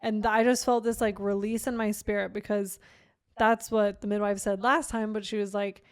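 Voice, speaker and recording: A woman's voice: medium pitch, flat delivery, normal speed. A young adult woman casually recounting a personal story, chatty and full of "like" fillers, laughing often. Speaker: guest sharing her birth story.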